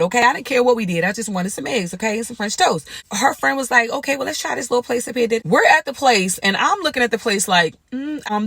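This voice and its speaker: A woman's voice: a little high, no room sound, clean studio sound. Chatty woman vlogger telling a story. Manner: animated, chatty, slangy, quotes people in lively voices. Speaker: vlogger and comedian motivator. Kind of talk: casual storytime vlog.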